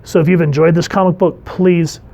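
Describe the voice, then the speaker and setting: A man, a dad, casually reviewing an old comic book and reading panels aloud in a chatty, relaxed way. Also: a little high, brisk, gravelly.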